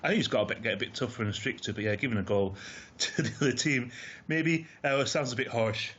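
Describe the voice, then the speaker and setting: A man speaking as a football pundit on a radio phone-in. He talks in a measured way, stopping for fillers as he thinks. His voice comes through a dull, muffled remote line. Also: medium pitch, a bit bright, breathy edge.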